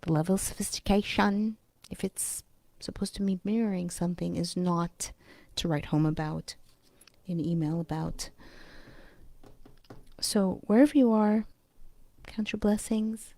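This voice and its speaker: Casting note: woman vlogger, blunt and rambling, low gravelly voice with a dark tone, dry sound. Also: measured pace, long pauses, no echo. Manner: rambling, blunt, swears, drops into asides. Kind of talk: casual chat.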